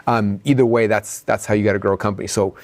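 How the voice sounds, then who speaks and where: A man coaching others as he breaks down his own sales presentation, chatting rapidly and leaning on "like" and "right?". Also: on the low side, steady tone. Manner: rapid, conversational, heavy on "like" and "right?".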